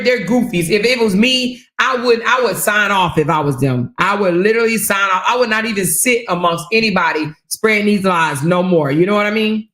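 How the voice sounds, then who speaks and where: A woman's voice: mid-range voice, fairly bright tone, roomy sound. A woman hosting a reaction commentary, talking casually and emphatically, often repeating herself. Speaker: host.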